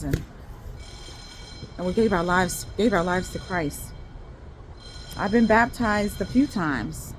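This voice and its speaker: A woman's voice: medium pitch, slight background noise. Woman rambling through a personal testimony. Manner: rambling, with many restarts and repeated words. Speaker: faith video creator. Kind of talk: personal testimony, casual talk to viewers.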